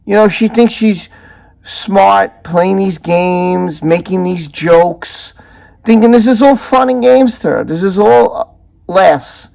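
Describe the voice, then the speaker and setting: A man's voice: high voice, takes it slowly, vocal fry, a little mellow. A man hosting his own channel, giving indignant and emphatic commentary and stacking up strong words. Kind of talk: opinionated video commentary.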